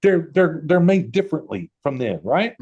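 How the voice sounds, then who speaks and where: A man's voice: on the high side, normal speed, husky, muffled recording. A man hosting a group talk, telling a personal story and acting out the quoted voices. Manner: animated, acts out quoted voices. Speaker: host.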